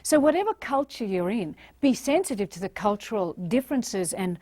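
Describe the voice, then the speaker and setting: A woman's voice: medium pitch, lively intonation, normal speed, warm tone, dry recording. A woman from Australia, giving a motivational talk and acting out the voices she quotes. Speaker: motivational speaker.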